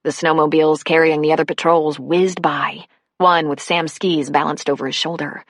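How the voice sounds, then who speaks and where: An audiobook narrator, a woman with a notably low voice, reads a novel aloud in scripted narration at a steady, unhurried pace. The recording is close and dry, with no room sound or echo at all.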